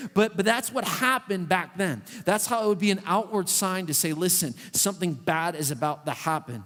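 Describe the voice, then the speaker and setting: Animated high-voiced youth pastor. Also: male voice, moderate pace, hardly any pauses. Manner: animated storytelling with frequent "like" fillers. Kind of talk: youth sermon. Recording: long reverb of a hall.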